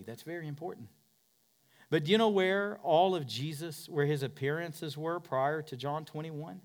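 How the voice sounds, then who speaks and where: A man preaching a sermon as a pastor, repeating phrases for emphasis and swinging from loud shouts down to hushed whispers. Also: fairly high pitch, normal speed.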